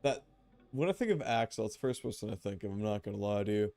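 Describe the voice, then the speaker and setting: A man's voice: on the low side, expressive, quick pace, dark tone. A man streaming a game, chatting casually, joking and swearing now and then. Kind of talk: casual gameplay commentary.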